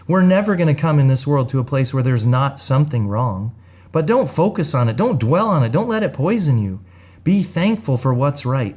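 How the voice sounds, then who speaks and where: Man, minister, gentle earnest devotional talk, mid pitch.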